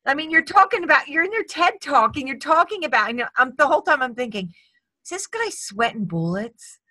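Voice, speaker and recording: A woman's voice: high-pitched, lively intonation, fast talker, sharp tone. A woman hosting a casual interview, asking curious questions and breaking into laughs and exclamations. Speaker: interviewer host.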